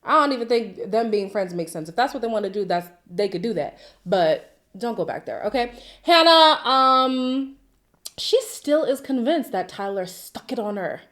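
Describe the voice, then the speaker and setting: A woman's voice: mid-range voice, animated, normal speed. A woman hosting a casual reality TV recap, chatty and sassy, talking straight at the people she reviews and ending her points with a pointed "okay?".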